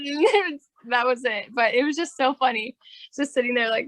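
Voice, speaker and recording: A young woman with a high voice tells a short anecdote casually. She is giggly and uses lots of "um"s and "like"s. The sound is dry and close. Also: moderate pace, a bit bright, no room sound. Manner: chatty, giggly, many fillers. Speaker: relative sharing a memory. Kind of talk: casual storytelling.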